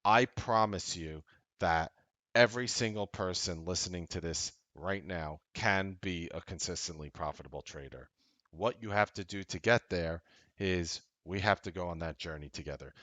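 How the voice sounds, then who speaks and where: A man hosting a trading show, giving a casual, blunt motivational talk that grows loud and emphatic, with frequent swearing. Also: deep voice, a little slow, dry recording. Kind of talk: motivational talk to a live audience.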